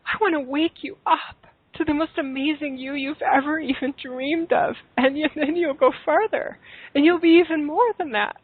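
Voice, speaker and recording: A woman's voice: sits high, moderate pace. A woman hosting a spiritual call-in podcast, talking to callers in an effusive, affectionate way. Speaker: podcast host. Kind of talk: call-in spiritual talk show. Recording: tinny phone-like sound.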